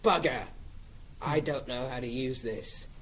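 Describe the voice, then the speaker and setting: A man's voice: mid-range voice, measured pace, a bit bright, close to an everyday voice. A teen guy putting on a bumbling gunman. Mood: mock bluster. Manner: clumsy, cursing, self-deprecating. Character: bumbling British man with an unloaded shotgun.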